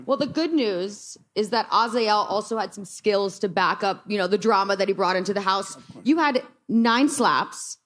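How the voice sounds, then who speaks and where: A woman's voice: mid-range voice, lively intonation, moderate pace, few pauses, fairly bright tone. A woman moderating a press conference, upbeat and lightly joking as she introduces fighters and asks them questions.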